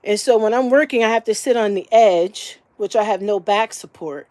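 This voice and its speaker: A woman's voice: mid-range voice, moderate pace, darkish tone. A woman, likely a grandmother, giving a casual, homey walkthrough of her small camper while filming as she walks. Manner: chatty, homey, fond of the word little. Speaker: vlogger giving a camper tour.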